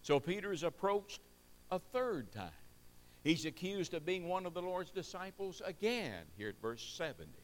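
A man preaching a sermon, repeating key phrases for emphasis and asking the congregation rhetorical questions. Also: fairly high pitch.

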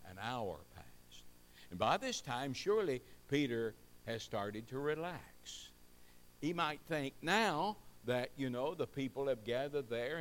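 A man preaching a sermon, repeating key phrases for emphasis and asking the congregation rhetorical questions. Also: mid-range voice.

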